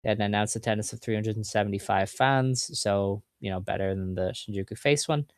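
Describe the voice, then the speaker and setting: Low-voiced man recapping with enthusiasm. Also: brisk, no echo, clean studio sound. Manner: enthusiastic, recapping results in detail. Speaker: podcast co-host. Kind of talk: casual chat.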